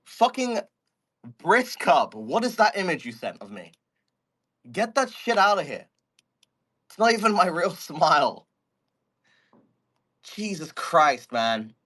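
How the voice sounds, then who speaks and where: A man's voice: a little high, sing-song, slow pace, pauses often, fairly bright tone. Baffled young-sounding man ranting on a phone mic. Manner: exasperated, baffled rambling with swearing. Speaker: streamer. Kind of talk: casual live audio chat. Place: his room at home, near a desk. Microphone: phone microphone from a step away.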